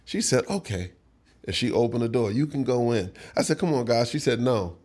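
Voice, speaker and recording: A middle-aged songwriter on a casual interview talks fairly quickly in a medium-pitched voice. Animated, he laughs often while telling a story full of acted-out quotes.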